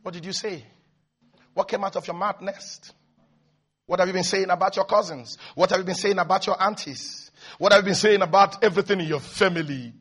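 A male pastor delivering an energetic televised sermon, swinging from hushed to shouting. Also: high voice, fairly quick, breathy edge.

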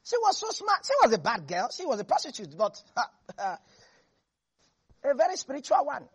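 Animated husky preacher, high voice. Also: male voice, moderate pace. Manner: animated, acts out biblical figures, laughs often. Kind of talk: sermon.

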